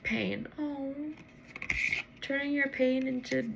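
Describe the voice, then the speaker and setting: Sleepy woman vlogging a late-night tarot pull, crisp bright voice with vocal fry, talks to herself and curses a lot. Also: medium pitch, unhurried, slight background noise. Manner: rambling, swears freely, talks to herself. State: tired, yawning. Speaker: tarot reader.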